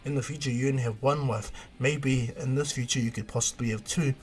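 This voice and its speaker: A man's voice: medium pitch, fairly even intonation, fairly quick, slightly rough, lightly acted. Jiraiya, a man doing a teasing old ninja sage.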